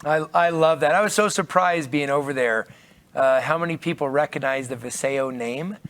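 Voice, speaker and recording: A man's voice: a little high, moderate pace, fairly bright tone. A man hosting on a convention stage, talking with upbeat enthusiasm and often repeating himself as he restarts phrases. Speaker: convention emcee.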